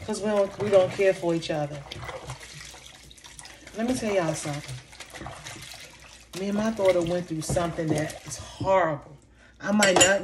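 A middle-aged woman, venting emotionally in a vlog, impassioned and repetitive, her voice sinking soft and low in the hurt parts. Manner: impassioned, repeating herself, voice dropping low and soft when recalling hurt. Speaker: vlogger. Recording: faint background noise.

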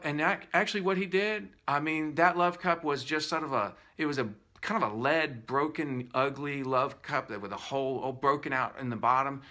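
A man's voice: mid-range voice, sharp tone. A man teaching guided breathing in an earnest, emphatic and faith-filled way. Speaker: wellness teacher.

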